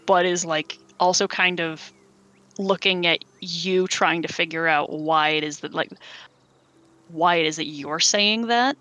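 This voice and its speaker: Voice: mid-range voice, measured pace, sharp tone. A game master narrating a tabletop game, rambling with many fillers and restarts.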